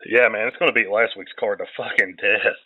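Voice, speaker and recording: A man hosting a casual sports podcast, laid-back and quick to laugh, swearing freely. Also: lowish voice, fairly even intonation, husky, dry recording, narrow, tinny audio. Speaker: podcast host. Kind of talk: casual chat.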